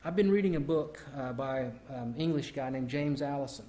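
A man's voice: mid-range voice, animated, fairly quick, dark tone, a little hiss or hum. A middle-aged man preaching a conversational sermon to his congregation, often repeating and restarting words as he goes. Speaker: pastor.

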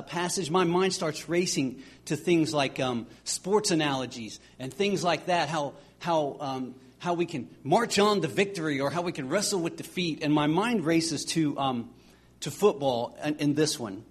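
Male preacher, husky, somewhat high, earnest sermon delivery with halting restarts.

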